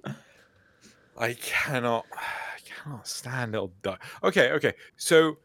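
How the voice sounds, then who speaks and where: A man co-hosting a casual podcast chat, telling stories with lively energy and acting out quotes. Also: mid-range voice, measured pace, dry recording. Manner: animated storyteller, acts out quotes. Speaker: podcast co-host.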